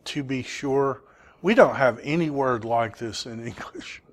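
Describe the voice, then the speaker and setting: A man's voice: mid-range voice, measured pace. A man teaching a Greek class, asking students questions and patiently explaining grammar. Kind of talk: classroom lesson.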